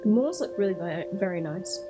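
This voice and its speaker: A woman streaming a video game, chatting casually and excitably and echoing the game text aloud. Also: mid-range voice, a little fast. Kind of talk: casual gaming chat. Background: game music.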